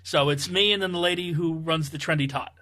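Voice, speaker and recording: A man with a high, bright, tense voice chats on a podcast. He explains himself hesitantly, often restarting his words. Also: fairly quick. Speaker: podcast co-host. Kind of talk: casual chat.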